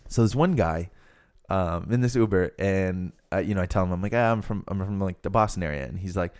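A man's voice: low-pitched, fast talker, a little mellow, clear, resonant tone. A young man from Rhode Island hosting a podcast, chatting casually and rambling with lots of fillers. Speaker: podcast host. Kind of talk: casual chat.

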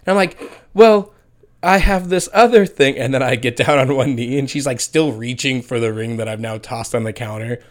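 A man's voice: mid-range voice, level tone, fairly quick, few pauses. Crude joking young podcast guy. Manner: crude, joking storyteller who acts out quotes. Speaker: podcast co-host. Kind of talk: casual podcast chat.

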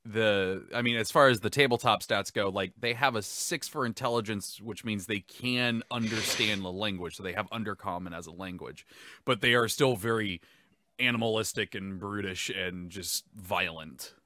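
A man hosting a casual chat, talkative and quick to laugh, often restarting his sentences. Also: on the low side, bright, forceful tone, no echo, clean studio sound. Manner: chatty, restarts and laughs easily. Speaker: host.

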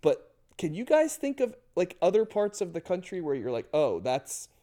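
Male co-host, rambling casual music chat, slightly high voice, from the Northeast. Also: big pitch swings, normal speed, mellow. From US Northeast, near New York and Philadelphia. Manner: rambling, thinks aloud with many fillers. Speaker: podcast co-host.

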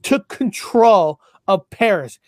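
A man's voice: high voice, animated, takes it slowly, darkish tone, no room sound, clean studio sound. A man co-hosting a casual chat, reading passages aloud, stumbling over words and swearing offhand.

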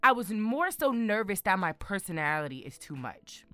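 A young woman chatting casually to her viewers, bold and excitable, repeating words for emphasis. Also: medium pitch, moderate pace, dry recording. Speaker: vlogger.

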